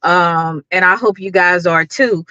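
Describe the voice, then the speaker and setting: A woman's voice: on the low side, unhurried, sharp tone, no room sound, muffled recording. A middle-aged woman hosting a casual livestream, greeting viewers by name and talking with lots of fillers. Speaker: YouTube livestream host.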